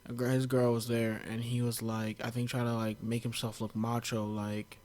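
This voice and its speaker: Male podcast host, relaxed and chatty, rambling storyteller. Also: mid-range voice, moderate pace. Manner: chatty storyteller, many "like" fillers. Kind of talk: casual podcast conversation.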